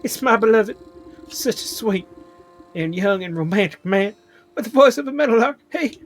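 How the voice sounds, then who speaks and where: A man voicing a weeping, lovesick young maiden in a melodramatic high voice. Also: moderate pace, soft background music, close to an everyday voice. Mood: wistful.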